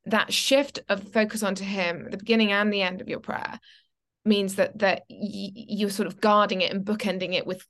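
A woman's voice: medium pitch, little pitch movement, normal speed, a bit bright. A young woman co-hosting a casual Christian chat podcast, telling stories animatedly and acting out her own reactions. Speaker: podcast co-host.

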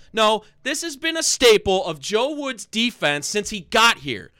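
A man ranting angrily about his football team on a podcast, loud and swearing, repeating himself. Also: high-pitched, sing-song, no echo, clean studio sound. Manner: angry, loud, swearing, fast repeated phrases. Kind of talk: heated sports fan rant.

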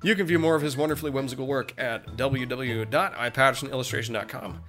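A man co-hosting a casual podcast, a little sick and hoarse, rambling and laughing as he talks. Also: medium pitch, fast talker, fairly bright tone, soft background music. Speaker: podcast co-host.

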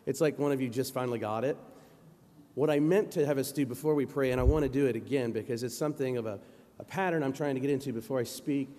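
A man preaching a sermon in a church sanctuary, telling stories in a relaxed, conversational way. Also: medium pitch. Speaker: pastor. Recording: long reverb of a church hall.

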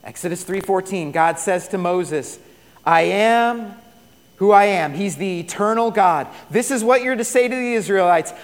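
A high-pitched man preaching a sermon in a large hall with a long echo. He tells stories, rises to loud bursts and drops to near-hushed lines. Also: normal speed, few pauses. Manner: storytelling, swings from loud to hushed. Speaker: pastor.

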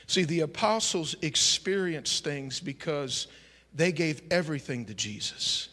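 A male pastor preaching a fiery sermon in a church, shouting with exclamations. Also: fairly high pitch, animated, measured pace, long reverb tail. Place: church sanctuary.

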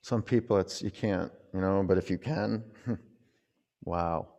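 Gravelly-voiced male yoga teacher. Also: low-pitched, measured pace, long reverb tail. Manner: relaxed, rambling storytelling between pose cues. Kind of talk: guiding a yoga class with chatty asides.

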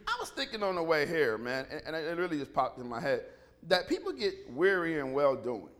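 Animated, high-voiced male pastor preaching. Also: a little fast. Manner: animated storytelling with many restarts. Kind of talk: sermon.

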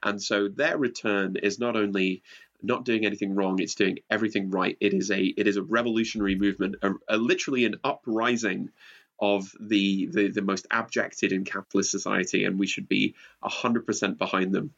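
A man's voice: fairly low pitch, a little fast, gravelly, lo-fi sound. A man co-hosting a podcast, talking theory in a jokey mock-academic way, stumbling and restarting. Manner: animated, laughs a lot, stumbling restarts. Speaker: podcast co-host.

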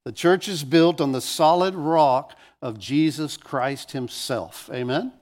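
A man's voice: on the high side, slow pace, a little mellow. A man pastor preaching a sermon, telling stories with animation and often restarting phrases.

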